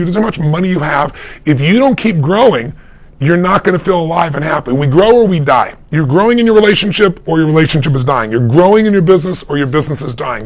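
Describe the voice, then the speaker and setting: A middle-aged man, a life coach, giving advice in a live question-and-answer talk, telling stories with emphasis and acting out the people he quotes. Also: a little high. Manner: emphatic storytelling, acts out quoted voices.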